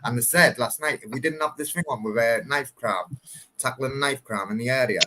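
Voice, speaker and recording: A man's voice: medium pitch, a little fast, sharp tone. A man, bluntly and animatedly telling stories in a casual chat, swearing often.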